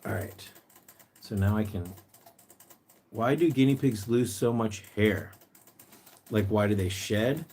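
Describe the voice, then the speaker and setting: A man hosting a casual livestream, chatting and reading viewer comments aloud, sometimes jumping into a high sing-song voice to coax his pet bird. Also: slow, pauses often, darkish tone. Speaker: pet rescue livestream host.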